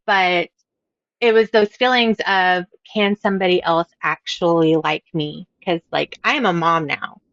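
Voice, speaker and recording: A woman's voice: fairly low pitch, steady tone, unhurried, a bit bright, no echo, dull audio. A bubbly woman author in her thirties, chatting casually on a podcast and laughing at her own stories. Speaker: author guest.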